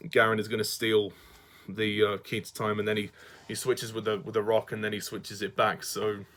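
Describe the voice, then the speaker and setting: A man's voice: fairly low pitch, monotone, moderate pace, a bit bright. Man, Southern English accent, casual spoken review, hesitant, frequent restarts, light laughter between phrases.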